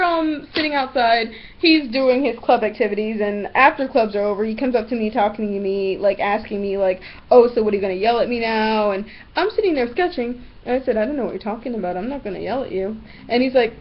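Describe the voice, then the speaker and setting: Teen girl vlogging, high voice jumping all over, cussing, muffled lo-fi webcam sound. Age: teens. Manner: blunt, swears a lot, animated. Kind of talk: ranting storytime vlog. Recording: dull lo-fi webcam audio.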